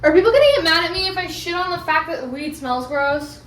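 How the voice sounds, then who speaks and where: A woman's voice: extremely high pitch, fairly quick, fairly bright tone. A young woman in her twenties chatting casually to the camera in a vlog, swearing now and then. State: out of breath. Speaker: vlogger. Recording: noisy background.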